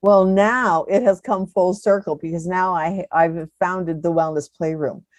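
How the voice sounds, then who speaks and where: A woman's voice: fairly low pitch, a little slow, darkish tone, dry recording. A woman in her seventies, a podcast guest, telling stories in a chatty way and laughing often. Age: 70s. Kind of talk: casual interview chat.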